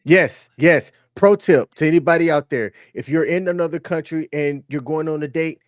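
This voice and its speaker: Co-host type: a fairly high-pitched American man, emphatic and animated, in a dry close-miked sound. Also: normal speed, no room sound. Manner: emphatic, animated advice giving. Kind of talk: casual podcast reaction chat.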